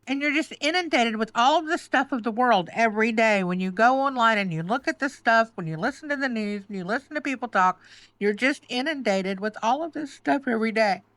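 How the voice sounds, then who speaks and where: A woman's voice: a little high, animated, a little fast, fairly bright tone, no echo. A woman giving an emotional, reassuring tarot reading, close to tears, often repeating herself and calling the listener "baby". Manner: emotional, reassuring, repetitive, says "okay" and "baby". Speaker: tarot reader.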